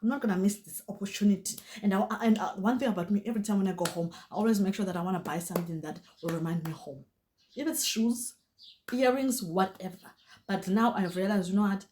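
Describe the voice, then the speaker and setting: Young xhosa-accented woman vlogging, lively storytime chat, lots of restarts. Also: mid-range voice, fast, a little hiss or hum. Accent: South African Xhosa. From South Africa. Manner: animated, switches into Xhosa, many restarts.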